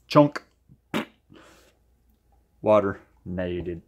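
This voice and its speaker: In a casual demo, a male acrylic pouring host chats eagerly to the camera, musing aloud as he combines paints. He sounds very animated at a measured pace, with a voice on the low side.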